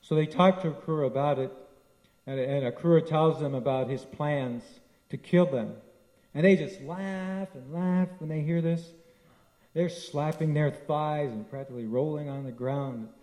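Mellow-voiced man telling a devotional story. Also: on the high side, normal speed, rough recording. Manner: storytelling, lively, frequent restarts. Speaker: spiritual teacher. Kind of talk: devotional scripture talk.

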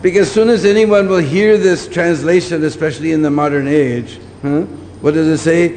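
A man's voice: a little high, brisk, darkish tone. A man giving a scriptural lecture, repeating his points and often checking with listeners by asking "hmm?". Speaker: preacher. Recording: long hall reverb, faint background noise.

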